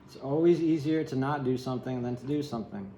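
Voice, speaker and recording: A man's voice: medium pitch, fast, mellow, roomy sound, a little hiss or hum, low-quality recording. A man giving a casual, rambling tarot reading, candid and sometimes swearing. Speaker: tarot reader.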